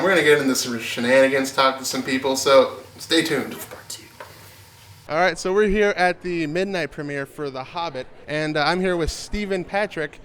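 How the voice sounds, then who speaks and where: A man's voice: fairly high pitch, a bit bright, slight background noise, rough recording. A young man hosting, chatting and joking as he interviews fans at a movie premiere. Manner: joking, upbeat questioning. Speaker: host doing premiere interviews. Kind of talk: casual chat and interviews.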